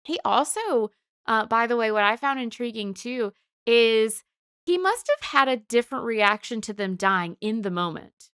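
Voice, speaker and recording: A woman's voice: on the high side, expressive, moderate pace, fairly bright tone, clean tone, dry recording, studio quality. A woman co-hosting a podcast, talking through comics and psychology in a thoughtful, analytical way. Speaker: podcast co-host. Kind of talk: casual discussion of comics and psychology.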